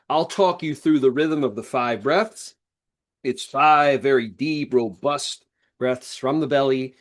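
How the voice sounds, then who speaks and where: Calm man guiding a breathwork class. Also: mid-range voice. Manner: calm, repetitive guiding cues. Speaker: breathwork teacher. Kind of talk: guided breathwork instruction.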